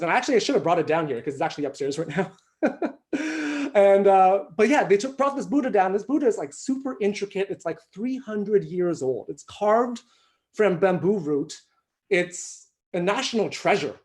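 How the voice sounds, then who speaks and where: A male comedian tells a long story over a video call from home. He talks in an animated, self-mocking way and swears freely. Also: sits high, normal speed. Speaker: stand-up comedian. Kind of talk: stand-up storytelling.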